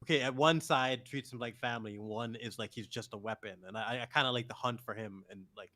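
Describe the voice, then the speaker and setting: A man with a mid-pitched voice talks casually on a podcast. He gives his opinions bluntly and swears freely. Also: brisk, sharp tone. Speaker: podcast co-host. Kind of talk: casual chat.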